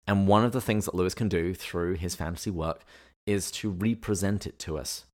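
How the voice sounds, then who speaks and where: Deep-voiced man explaining at length. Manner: measured, explanatory, lecturing. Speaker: podcast co-host. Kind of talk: podcast discussion of literature and theology.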